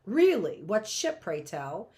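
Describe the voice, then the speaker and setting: A woman voicing a smooth-talking, jovial male lawyer with grandly polite, hearty speech in a storybook reading. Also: medium pitch, very animated, slow, mellow.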